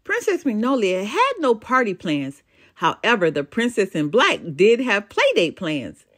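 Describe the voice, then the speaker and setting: An older woman with a mid-range voice reads a children's storybook aloud, telling it expressively and with animation, with dramatic pauses.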